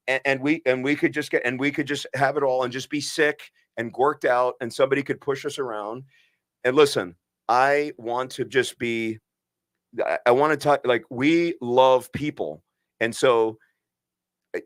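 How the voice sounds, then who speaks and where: A man's voice: medium pitch, fairly bright tone, no room sound, studio quality. Earnest, emphatic man on a podcast. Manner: earnest and emphatic, with many restarts and asides. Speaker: podcast co-host and physician. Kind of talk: impassioned podcast conversation.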